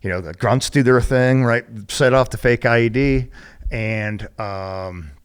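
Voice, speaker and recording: A retired Marine guest telling profane, animated war stories in casual chat, full of "like" and "right?". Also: male voice, mid-range voice, a little slow, clean tone. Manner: profane, animated storytelling with lots of fillers. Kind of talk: casual storytelling.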